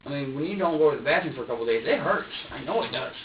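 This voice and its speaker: A suspect in his twenties with a fairly high, animated voice stumbles through a profane, rambling statement during police interrogation. Recorded from a distance across an echoey interview room, the audio is muffled and dull, with a faint hum of ambience.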